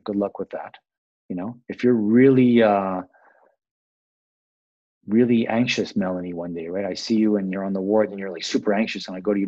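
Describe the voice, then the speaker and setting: A man's voice: lowish voice, normal speed, dark tone, no room sound, dull audio. A man who works as a palliative care doctor, answering interview questions in a reflective way, with many restarts and "you know" fillers.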